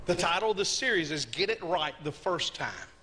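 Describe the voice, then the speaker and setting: High-voiced animated male preacher. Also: moderate pace, a little hiss or hum. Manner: animated and conversational, questions the congregation. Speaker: pastor. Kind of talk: sermon.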